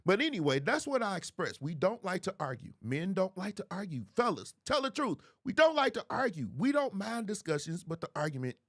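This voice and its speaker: Emphatic man in his forties, animated pitch. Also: fairly quick, few pauses. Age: 40s. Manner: preachy, emphatic, repeats phrases. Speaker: host. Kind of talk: livestream commentary.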